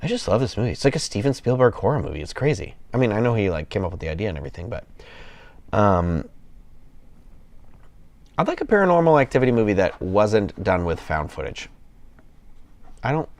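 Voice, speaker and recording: A man's voice: fairly low pitch, sing-song, fairly quick, long pauses, darkish tone, no echo. A man hosting a casual livestream, chatting with his viewers in a rambling, enthusiastic way, full of fillers and restarts, a little tired. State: yawning, tired. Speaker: livestream host.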